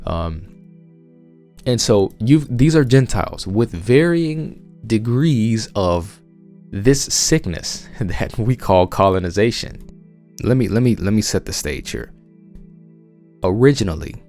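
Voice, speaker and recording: Man, Southern US accent, deep voice, emphatic, restarts often, conversational Bible talk. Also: a little mellow. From United States. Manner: emphatic, insistent, frequent restarts. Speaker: religious podcast host.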